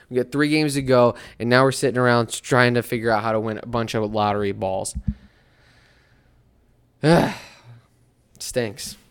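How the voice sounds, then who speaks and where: A man's voice: mid-range voice, clear, resonant tone. Man, young adult, sports podcast host, casual rant, resonant clean voice, jumps from outrage to mumbling. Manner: animated, swings between mock outrage and mumbled asides.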